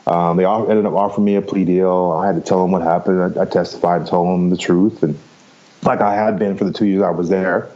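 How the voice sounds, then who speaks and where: Speaking quickly in a low, mellow voice with fairly even intonation, a podcast guest in his fifties rambles frankly through his life story. He laughs easily and swears casually, and the recording's high frequencies are cut off.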